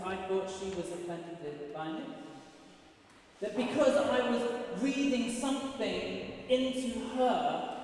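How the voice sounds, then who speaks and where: A man preaching a sermon, telling stories in an animated way with self-mocking humor. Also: high voice, normal speed. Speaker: pastor. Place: church auditorium. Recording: echoey hall from far off, faint noise.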